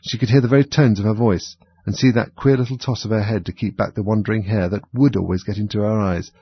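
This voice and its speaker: A man calmly narrating a storybook in a measured way. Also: fairly low pitch, breathy edge, no echo. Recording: dull, dry lo-fi recording.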